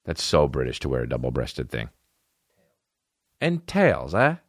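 A man's voice: a bass voice, huge pitch swings, a little slow, dry recording, clean studio sound. A man hosting a comedy podcast, ranting casually in a profane, rambling way and slipping into made-up dialogue. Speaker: podcast host.

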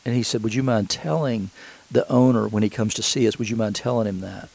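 A middle-aged man giving a sermon, retelling a scripture story in a conversational way with halting restarts. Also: on the low side, gravelly, a little mellow, slightly rough, rough recording.

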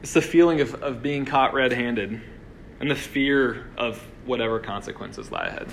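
A young man preaching to a gathered room in a relaxed, talky way, peppering his lines with filler words and quick restarts. His voice sits at an ordinary middle pitch, and a faint hiss runs under the recording. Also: gravelly. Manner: conversational, lots of "like" and restarts. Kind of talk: casual sermon. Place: room with a live audience.

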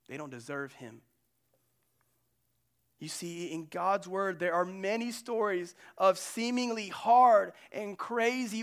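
A male pastor delivering a sermon in a relaxed, chatty manner, dropping slang and playful asides as he explains the text. His voice sits a little higher than most men's. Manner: casual, conversational preaching with slangy asides and acted quotes.

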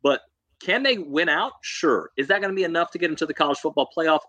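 A young adult man co-hosting a casual sports chat, joking and animated, teasing rival fans. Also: a little high, fast talker. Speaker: co-host.

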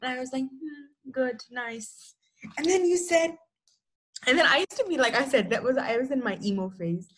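A woman's voice: high voice, lively intonation, normal speed. A woman in her twenties co-hosting a podcast, telling stories in a rambling way with many fillers and frequent laughs. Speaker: podcast co-host. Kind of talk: casual chat.

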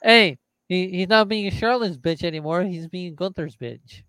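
A man's voice: high voice, moderate pace, a bit bright, clear, resonant tone, no echo. A man co-hosting a wrestling podcast, giving blunt remarks and brief reactions. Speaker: podcast co-host. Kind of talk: casual wrestling chat.

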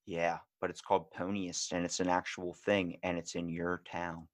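A man's voice: normal speed, dry recording. A man with a Baltimore accent hosting a podcast, telling stories and acting out quotes with big jumps in his voice. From Baltimore, USA. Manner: animated storyteller, acts out quotes with big pitch jumps. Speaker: podcast host. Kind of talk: casual podcast chat.

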